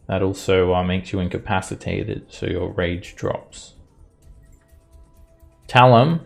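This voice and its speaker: A man running a tabletop game as game master, narrating slowly with many pauses and fillers. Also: deep voice, creaky. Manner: slow, deliberate, with frequent fillers.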